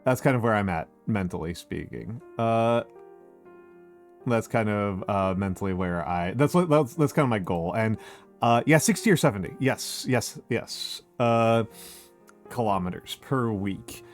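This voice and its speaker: A man's voice: fairly low pitch, expressive, measured pace, soft background music. Man chatting casually with stream viewers. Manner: reads out viewer messages and greets each viewer by name; repeats short phrases over and over. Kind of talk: casual chat with a live audience.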